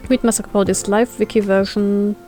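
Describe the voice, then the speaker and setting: A woman's voice: medium pitch, fairly even intonation, normal speed, warm tone, faint music behind. A woman streamer, playfully reading game dialogue aloud as she plays and barking along for the dog. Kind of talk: reading game text aloud while playing.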